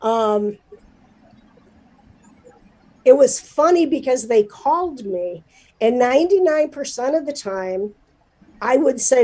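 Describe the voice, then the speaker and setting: A middle-aged woman publisher, chatty and emotional, talking in a livestreamed interview. Her voice is a bit high and mellow, with plenty of fillers. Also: animated, slow pace, long pauses, low-quality recording. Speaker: newspaper publisher, guest.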